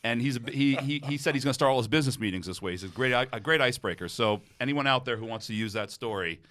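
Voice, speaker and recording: Bright-voiced man telling a story. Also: medium pitch, fast. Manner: animated anecdote teller, relaxed and joking. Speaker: podcast co-host, opera bass. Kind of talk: casual storytelling chat.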